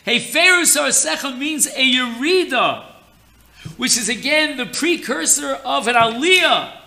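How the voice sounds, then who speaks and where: Slow, bright-voiced man teaching Torah. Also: extremely high pitch, lively intonation, gravelly. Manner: slow, deliberate teaching, mixing Hebrew terms. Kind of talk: Torah lesson on Purim.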